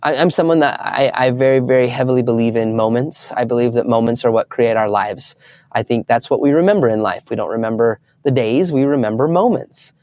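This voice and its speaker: A man's voice: medium pitch, brisk, darkish tone, dry recording. A young adult man, a guest in an interview, telling stories earnestly and acting out the voices of people he quotes. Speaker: guest speaker. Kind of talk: storytelling in an interview.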